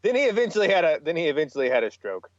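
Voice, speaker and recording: Deadpan joking man, dull lo-fi sound. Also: a little high, rapid-fire, dry recording. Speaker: podcast co-host. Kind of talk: casual conversational podcast.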